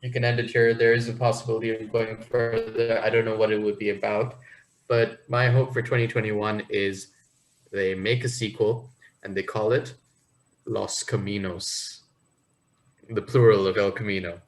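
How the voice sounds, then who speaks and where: A man co-hosting a podcast, telling rambling stories in a casual, animated way. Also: on the low side, normal speed, low-quality recording. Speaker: podcast co-host. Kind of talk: casual chat.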